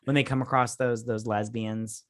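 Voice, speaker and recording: A man's voice: mid-range voice, level tone, moderate pace, fairly bright tone, dry recording. Rambling casual man, dry close sound. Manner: loose, rambling, many fillers and restarts, acts out quotes. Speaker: podcast co-host reviewing a film. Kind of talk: casual drunk movie review chat.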